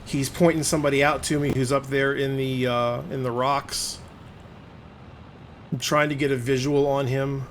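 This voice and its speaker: A man at an ordinary middle pitch talks through a recorded match as gameplay commentary. His manner is conversational and explanatory, and he is plain-spoken about his own frustration. A faint ambient hum sits behind the voice. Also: little pitch movement, normal speed. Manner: conversational, explaining play as it unfolds. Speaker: gaming video host.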